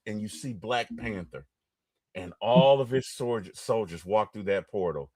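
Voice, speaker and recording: A middle-aged man hosting a casual interview, retelling movie scenes with a lot of excitement. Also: mid-range voice, moderate pace, no room sound. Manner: animated, storytelling, gets excited and loud retelling movie scenes. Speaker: interview host.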